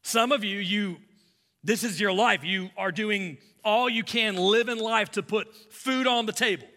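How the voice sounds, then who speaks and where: Pastor, male, bright and forceful delivery, conversational sermon with loud emphatic peaks. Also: high-pitched, a little slow, in a large hall.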